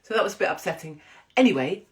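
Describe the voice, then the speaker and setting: A woman's voice: lowish voice, expressive, quick pace. A woman in a casual monologue, telling blunt, profane, rambling stories. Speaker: commentator.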